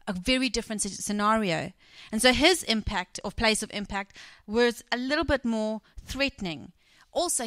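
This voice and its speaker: A middle-aged woman delivers a sermon in an animated storytelling manner. Her tone is bright and forward, the sound dry and close. She slips into the voices of the people she quotes. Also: fairly high pitch, no echo. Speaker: preacher.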